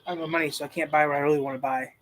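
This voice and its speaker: A woman's voice: low voice, fairly even intonation, very fast. A woman vlogging at home, rambling and thinking aloud while talking to herself and her cat. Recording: distant mic with faint noise.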